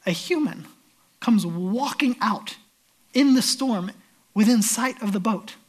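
A pastor with a high, husky male voice delivers a sermon slowly, telling the story with animated swings from loud emphasis to hushed, almost whispered lines.

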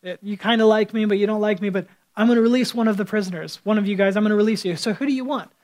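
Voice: mid-range voice, racing, a little mellow, lightly acted, low-quality recording. A preacher playing a middle-aged Roman governor in casual modern talk, coaxing the crowd and then taunting them. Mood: placating. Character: Roman governor, middle-aged man, placating yet menacing.

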